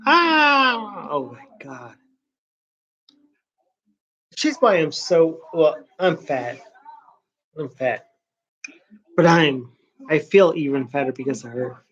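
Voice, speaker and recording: A man vlogging in a casual late-night monologue, rambling and confessional with hushed asides. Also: a little high, expressive, slow, long pauses, highs cut off.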